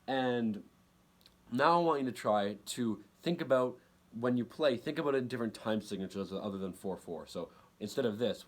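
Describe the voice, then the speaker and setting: A man giving a casual guitar lesson, talking in halting bursts with many restarts and counting beats aloud. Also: medium pitch, sing-song. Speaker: guitar teacher. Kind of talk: casual instructional talk over guitar playing. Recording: loud guitar playing behind the voice.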